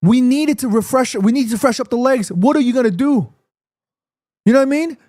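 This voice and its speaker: A man with a high voice rants to his live chat after a match. He swears freely, talks straight at his viewers, and keeps coming back to the same complaint. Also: brisk, darkish tone. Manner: heated, ranting, profane, addresses chat directly. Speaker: football watchalong streamer. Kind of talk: live fan reaction stream.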